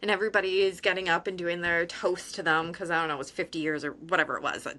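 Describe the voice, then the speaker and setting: A woman's voice: fairly low pitch, fairly even intonation, fast, pushed and bright. A woman in her forties hosting an interview, chatty and telling stories with frequent laughter. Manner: chatty, storytelling, laughs often. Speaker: show host. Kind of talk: casual interview chat.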